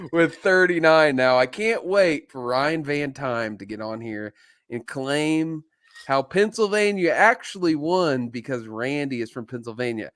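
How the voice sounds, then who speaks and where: A man's voice: on the high side, animated, a little slow, a bit bright, no room sound, clean studio sound. A man co-hosting a live fishing podcast, chatting casually, often joking and laughing, with many ums. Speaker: podcast co-host.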